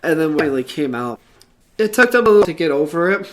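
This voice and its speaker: A woman's voice: deep voice, very animated, fast, background noise. A woman hosting a casual talk show, speaking earnestly and hesitantly, with frequent fillers and restarts. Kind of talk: casual podcast chat.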